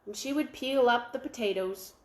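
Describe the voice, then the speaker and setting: A woman telling a traditional folktale aloud at a library, animated and full of sound effects. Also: a little high, normal speed, reverberant. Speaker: library storyteller.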